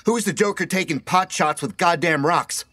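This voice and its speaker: A man voicing an angry, injured office worker who shouts and curses, in an audiobook. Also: fairly low pitch, wildly swooping pitch, unhurried, husky, no echo, full character voice. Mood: furious. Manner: shouting, furious.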